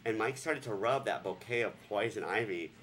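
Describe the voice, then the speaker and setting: A man from Vermont telling a story on his vlog, joking and sarcastic, sometimes breaking into squealing high voices. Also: normal speed, a bit bright, slight background noise. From Vermont, USA. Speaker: vlogger. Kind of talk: casual comic storytelling.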